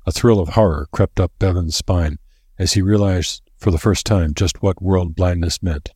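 A man narrating an audiobook in a measured, even storytelling manner. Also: low-pitched, breathy edge, no room sound, clean studio sound.

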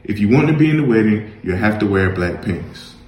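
A man reading a calm, firm mother. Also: lowish voice, brisk, very echoey, slight background noise, natural voice.

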